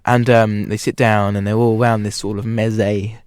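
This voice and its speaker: A man's voice: on the low side, level tone, normal speed, a little mellow, clear, resonant tone, dry recording. A young man co-hosting a student comedy radio show, joking and rambling in casual banter.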